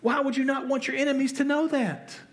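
A man's voice: extremely high pitch, fairly even intonation, fairly quick. A man preaching a sermon in a conversational, self-deprecating way, often putting rhetorical questions to his listeners. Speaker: pastor.

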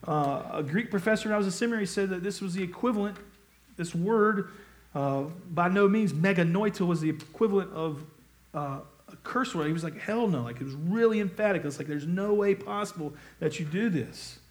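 A man preaching in a casual, conversational style, his fairly high voice climbing sharply when he drives a point home. He talks to the congregation as if across a table, with frequent asides and restarts. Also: brisk. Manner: conversational preaching with emphatic rises. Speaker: pastor. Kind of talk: sermon.

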